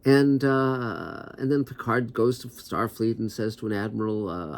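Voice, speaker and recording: Male host, low-ish voice, conversational and digressive, skeptical asides. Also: measured pace, gravelly. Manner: rambling, conversational, many asides; skeptical, wry. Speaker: TV writer and show host. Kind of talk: casual commentary to camera.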